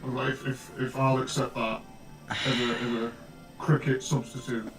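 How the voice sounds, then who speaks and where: A man's voice: mid-range voice, level tone, moderate pace, distant mic. A British man in casual chat, teasing and explaining slang, heard from off-mic in an echoey room with music behind.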